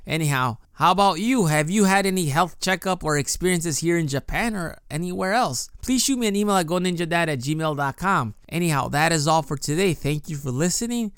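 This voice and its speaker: Chatty man with a smooth, dry voice. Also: on the high side, brisk, hardly any pauses, a bit bright, no echo. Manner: chatty storytelling with frequent restarts and "you know". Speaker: podcast host. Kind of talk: casual solo podcast monologue. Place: lives in Japan.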